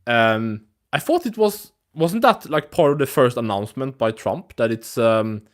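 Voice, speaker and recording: This man's voice sits at medium pitch, animated yet measured in pace. Hosting a live MMA news stream, he chats in a loose, profane ramble, often restarting and leaning on fillers.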